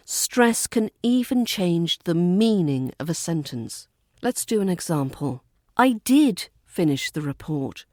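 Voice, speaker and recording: A woman with a British RP accent, teaching a pronunciation lesson and modelling example sentences slowly and deliberately. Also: fairly low pitch, darkish tone, no room sound, studio quality. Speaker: accent coach.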